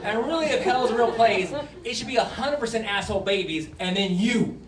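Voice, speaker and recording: A man's voice: high-pitched, fairly quick, a loud crowd, heavy background noise. A man doing a stand-up comedy set in a club, swearing and acting out voices, with audience laughter. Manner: swearing, animated, acts out voices. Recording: echoey club recording from a distance.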